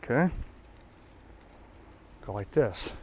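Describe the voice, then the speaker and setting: A man's voice: medium pitch, lively intonation, takes it slowly, a little mellow, slightly rough. A man hosting a ham radio channel, walking viewers through an antenna setup in a casual, folksy way and checking in with a frequent "okay?". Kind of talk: casual hands-on product demo.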